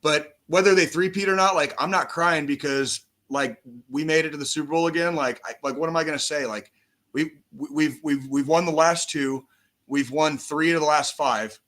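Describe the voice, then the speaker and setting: A man in his forties, a podcast co-host, talking football in casual chat, profane and animated, on a call mic. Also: fairly high pitch, moderate pace. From United States. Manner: profane, animated sports ranting.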